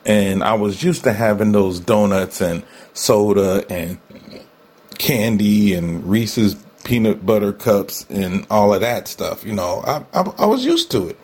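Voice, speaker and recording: Man, talk show host, solo monologue, candid, conversational, slightly low voice. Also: expressive, unhurried, a little mellow, husky. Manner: candid, conversational, laughs often, repeats for emphasis.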